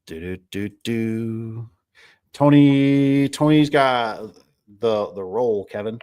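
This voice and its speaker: A man's voice: medium pitch, slow, a little mellow, clean tone, dry recording. A man who runs a garage door business, chatting casually to viewers in a rambling, folksy way full of fillers. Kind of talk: casual livestream chat.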